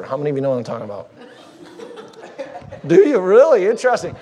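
A man's voice: high voice, darkish tone. A man preaching a sermon as a guest speaker, conversational and joking with the congregation, married fifteen years.

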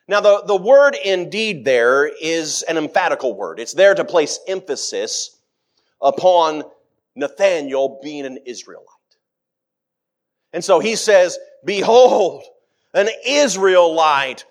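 A middle-aged preacher delivers a sermon in a voice pitched well above most men's. His delivery jumps up and down as he acts out scripture quotes with dramatic shifts in pitch and volume.

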